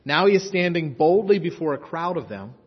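Male pastor, impassioned sermon, husky voice, long hall reverb, dull lo-fi sound. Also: on the high side, big pitch swings, brisk. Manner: impassioned, swings from loud urgency to hushed intensity.

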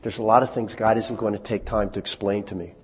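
A man's voice: fairly low pitch, fairly even intonation, fast, slightly rough. A pastor in his sixties preaching a sermon, stumbling over and repeating words with folksy asides. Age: 60s. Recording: dull sound with long hall reverb.

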